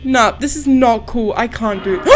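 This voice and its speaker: A woman's voice: fairly high pitch, noisy background. A young woman hosting a horror game let's-play, panicky and gasping, swearing under her breath. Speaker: gaming channel host.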